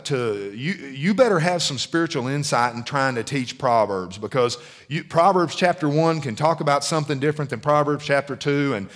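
A middle-aged man preaching in a casual, conversational style. His voice sits somewhat high for a man, and he keeps checking in with the congregation through questions. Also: a bit bright. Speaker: pastor. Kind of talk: sermon.

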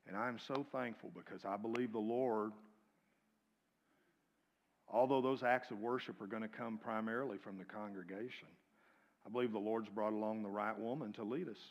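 A man preaching a sermon, swinging from loud, urgent calls to quiet near-whispers and calling on the congregation to repeat his lines. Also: lowish voice, fairly even intonation, normal speed, lo-fi sound. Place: church sanctuary. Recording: long reverb of a large hall.

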